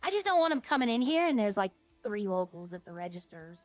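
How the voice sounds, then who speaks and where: A woman's voice: medium pitch, sing-song, fast talker, no echo, faint music behind. A woman streaming a roleplay game, chatting casually and jokily to her viewers in a rambling way.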